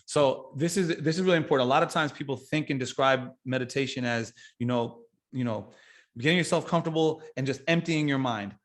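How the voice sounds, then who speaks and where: A man talking casually as a podcast guest, blunt and swearing freely, rambling with restarts and building into lively everyday examples. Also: mid-range voice, a little fast. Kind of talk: casual conversation.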